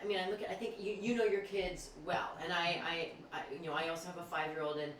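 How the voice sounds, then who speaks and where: Woman co-host, measured and thoughtful, set back from mic. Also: on the low side, fairly even intonation. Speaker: podcast co-host. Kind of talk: casual chat. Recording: roomy, distant mic, faint hum.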